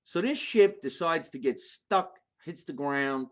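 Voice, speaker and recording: A man from New Jersey with a New Jersey accent, hosting a comedy podcast and riffing in an animated way with quick character voices and frequent laughter. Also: fairly high pitch.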